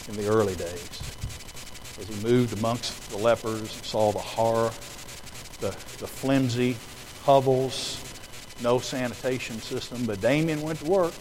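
A man preaching a sermon in a church auditorium, dropping to a hush for the story and then rising into loud, emphatic appeals. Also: medium pitch, slight background noise, poor audio.

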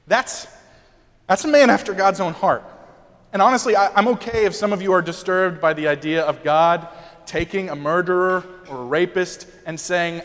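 A young man preaching a lively sermon, his voice sitting high for a man. He breaks into quick asides and acts out the lines he quotes. A long reverb trails every phrase through the large hall. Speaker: pastor.

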